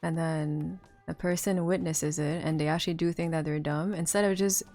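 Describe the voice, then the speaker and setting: A woman's voice: deep voice, fairly even intonation, moderate pace, warm tone. A woman streamer chatting casually with viewers, rambling with lots of fillers and restarts. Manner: rambling, many fillers and restarts, laughs often. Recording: faint music underneath.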